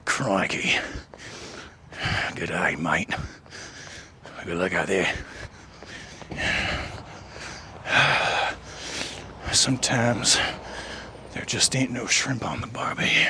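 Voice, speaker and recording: A man's voice: low-pitched, expressive, extremely slow, long pauses, slight background noise, pitched below the performer's own voice, full character voice. A man putting on a whispering Aussie bushman. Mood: hushed. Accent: Australian, put on. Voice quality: hushed whisper. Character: whispering Aussie outdoorsman, male adult.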